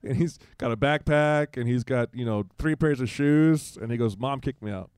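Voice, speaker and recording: A man's voice: mid-range voice, moderate pace, a little mellow, clear, resonant tone, no echo. A man in his forties, a guest in a casual conversation, telling a personal story and acting out quoted dialogue in livelier voices, with frequent restarts.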